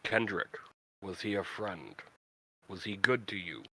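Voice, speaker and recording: A man voicing a calm, solemn male adventurer, speaking quietly and plainly. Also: deep voice, unhurried, heavily acted, poor audio.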